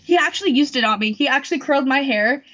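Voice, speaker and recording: Young woman, high voice, chatty and rambling, often corrects herself; dull lo-fi home recording. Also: lively intonation, quick pace, a bit bright. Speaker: YouTuber. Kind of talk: casual chat.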